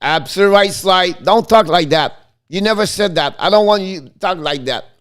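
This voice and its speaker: A male hockey live-stream host with a high-pitched, smooth voice gives play-by-play commentary at normal speed. He's excitable, switches between English and French, and talks to viewers in the chat.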